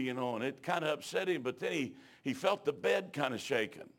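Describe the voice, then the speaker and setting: A middle-aged man, preaching a sermon in a folksy storytelling way that builds to shouted exhortation. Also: on the high side, lively intonation, fairly quick, gravelly, few pauses.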